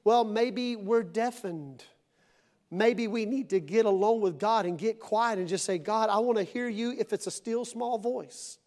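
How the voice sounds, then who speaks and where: A middle-aged man preaching a sermon to his congregation in church, dramatic, acting out voices and swinging between loud and hushed. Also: high voice, a little slow. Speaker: pastor.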